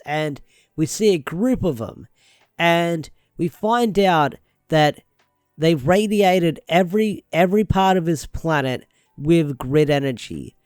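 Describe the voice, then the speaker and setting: A man's voice: on the high side, darkish tone, no room sound, clean studio sound. A man giving a casual comic book review, rambling along and hedging with filler phrases as he recaps the story. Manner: rambling, hedging with "sort of" and "who knows".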